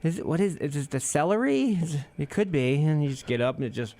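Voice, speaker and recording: A man's voice: fairly high pitch, sing-song, quick pace, warm tone. A man co-hosting a radio chat show, joking around and acting out silly voices and noises. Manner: jokey, acts out silly voices and sound effects. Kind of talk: casual comedic chat. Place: radio studio.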